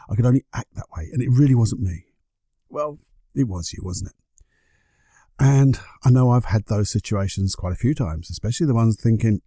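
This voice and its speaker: Gravelly, dark-voiced man hosting a podcast. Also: mid-range voice, no echo, clean studio sound. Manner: conversational, asks rhetorical questions, briefly acts out other people's excuses. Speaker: podcast host. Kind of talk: solo podcast monologue.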